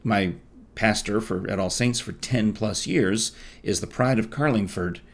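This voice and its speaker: Lowish-voiced guy co-hosting a podcast at home, chatty, keeps restarting his sentences. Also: measured pace, gravelly. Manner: chatty, with frequent restarts and asides. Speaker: podcast co-host. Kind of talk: casual podcast chat. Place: home dining room.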